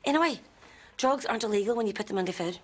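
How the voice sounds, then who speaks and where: A woman's voice: medium pitch, expressive, rapid-fire, a little hiss or hum, lightly acted. Brash foul-mouthed teen girl, played by a woman with a Northern Irish accent. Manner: brash, sweary, blunt. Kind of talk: sitcom acting.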